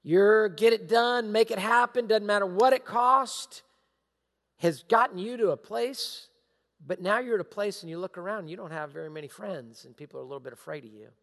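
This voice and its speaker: A middle-aged male pastor giving a sermon, emphatic and repetitive, sometimes dropping into hushed asides. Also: sits high, moderate pace, vocal fry. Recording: long hall reverb.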